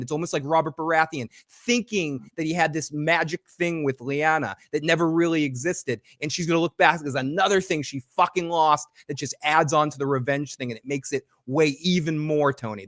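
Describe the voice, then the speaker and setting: A man's voice: a little high, a bit bright, dry recording, clean studio sound. A man co-hosting a live stream in casual chat, rambling and swearing freely, with lots of fillers. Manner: rambling, profane, many fillers.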